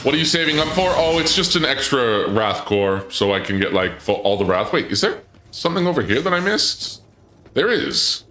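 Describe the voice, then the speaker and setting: A man's voice: mid-range voice, very animated, normal speed, bright, forceful tone, reverberant, slight background noise. A man casually commenting on a game during a live stream, thinking aloud and answering chat. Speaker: gaming streamer.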